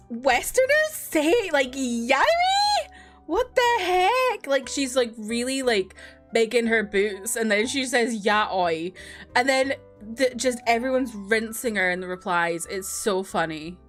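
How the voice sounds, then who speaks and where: A woman's voice: fairly high pitch, moderate pace, a bit bright, faint music behind. A woman streamer chatting casually with her viewers, greeting them by name between giggles and filler words. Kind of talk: casual live-stream chat.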